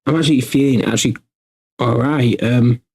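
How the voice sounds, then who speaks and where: A man's voice: mid-range voice, fairly even intonation, moderate pace, gravelly, darkish tone, low-quality recording. Rambling man chatting on stream. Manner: rambling, thinks aloud with many restarts. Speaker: streamer hosting a workshop. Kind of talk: casual livestream chat.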